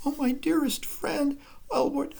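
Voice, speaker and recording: Man playing a hurt young writer, low and sarcastic, bitter edge. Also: fairly even intonation, unhurried, creaky, darkish tone, heavily acted. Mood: wounded.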